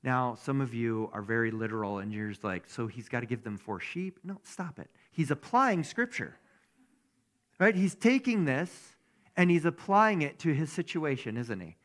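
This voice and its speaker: A man's voice: medium pitch, big pitch swings, moderate pace. A man giving a conversational sermon as a pastor, who keeps asking his listeners rhetorical questions.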